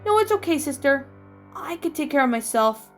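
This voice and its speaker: A woman voicing a grieving young woman who survived a zombie outbreak, speaking softly and tearfully in a read-aloud story. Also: high voice, big pitch swings, moderate pace, faint music behind. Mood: sad. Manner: tearful, soft-spoken.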